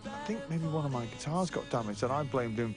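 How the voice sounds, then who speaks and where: A man's voice: medium pitch, expressive, fairly quick. A man telling blunt, sweary band stories in a documentary interview, laughing his way through them. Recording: voice under loud music.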